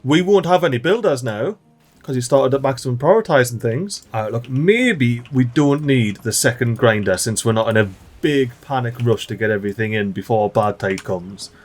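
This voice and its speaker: Man hosting a gaming channel, excitable and chatty, voice bouncing all over. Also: medium pitch, moderate pace. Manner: excitable, chatty, talks to the game characters. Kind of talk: let's play commentary.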